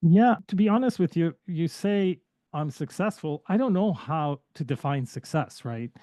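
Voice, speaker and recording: A man with a fairly high, very lively voice talks as a podcast guest. He is earnest and reflective and presses his points home. The sound is dry and close, with no room around it. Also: normal speed, no room sound. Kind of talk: casual podcast conversation.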